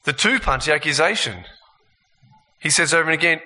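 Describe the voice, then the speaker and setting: A man preaching a sermon, lively and animated, acting out voices as he makes his points. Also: on the high side, fairly quick, big-room sound. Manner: animated, acts out voices of tempter and accuser.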